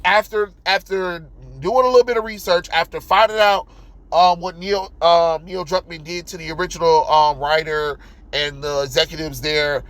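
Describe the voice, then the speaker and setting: A man ranting in a video commentary, loud and exasperated, swearing constantly and jumping into yelps. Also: fairly high pitch, fairly even intonation, moderate pace, no echo, poor audio.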